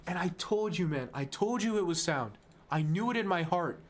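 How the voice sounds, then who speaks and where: A man streaming chess, talking fast and self-mocking through move lines, dropping to quiet muttering when frustrated. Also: on the high side, expressive, a little hiss or hum. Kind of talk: casual live-stream game commentary.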